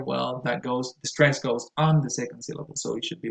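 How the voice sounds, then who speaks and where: A man's voice: medium pitch, steady tone, brisk, gravelly, hardly any pauses. A man teaching pronunciation in a lecture style, explaining patiently and repeating each word for emphasis. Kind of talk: classroom lecture. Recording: echoey room.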